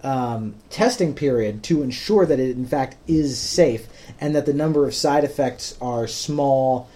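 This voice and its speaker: A man's voice: mid-range voice, measured pace, mellow. A man hosting a podcast, patiently explaining things in plain words with frequent ums. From United States. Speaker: podcast host. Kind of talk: casual explanatory podcast talk.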